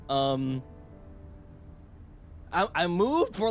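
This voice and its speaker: A young man chatting excitedly on a livestream, rambling and jumping between shouting and mumbling. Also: on the high side, unhurried, pauses often. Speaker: streamer. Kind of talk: excited casual livestream chat.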